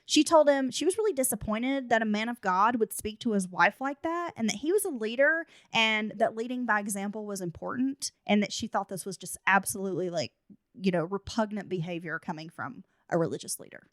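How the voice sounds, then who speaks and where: A woman's voice: mid-range voice, animated, fairly quick, fairly bright tone, no echo, clean studio sound. A woman hosting a true crime podcast. She narrates the case details and breaks in with blunt, casual asides. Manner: reads case notes, then adds blunt asides. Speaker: podcast host.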